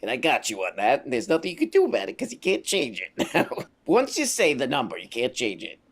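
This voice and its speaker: A man's voice: mid-range voice, huge pitch swings, fairly quick. A man doing casual live-stream commentary over clips, sarcastic and rambling, with a mocking tone.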